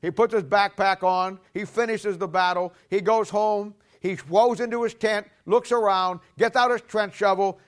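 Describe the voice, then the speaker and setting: A man preaching a sermon emphatically, voice dropping low and soft at the ends of points. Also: fairly even intonation, normal speed, hardly any pauses. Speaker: pastor.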